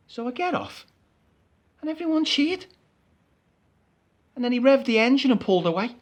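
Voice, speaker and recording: Lively man telling a story. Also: extremely high pitch, normal speed, long pauses. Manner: chatty storyteller, lively and exasperated. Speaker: actor. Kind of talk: comic stage monologue.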